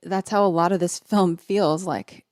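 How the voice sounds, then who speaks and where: Lower-voiced woman podcast host. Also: steady tone, measured pace, darkish tone, no room sound, clean studio sound. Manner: casual, uses "like" often. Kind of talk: casual podcast discussion.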